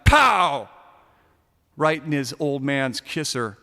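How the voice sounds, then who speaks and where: A man narrating a first-person short story in a sardonic, darkly comic way, now and then shouting a punchline. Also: fairly high pitch, a little slow, smooth, long reverb tail.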